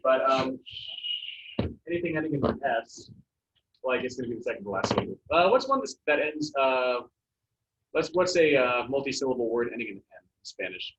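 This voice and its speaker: A man's voice: medium pitch, very animated, fairly quick, fairly bright tone, a little hiss or hum. A man teaching a Spanish pronunciation lesson to a class, explaining casually with many fillers. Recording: echoey, distant, dull classroom recording.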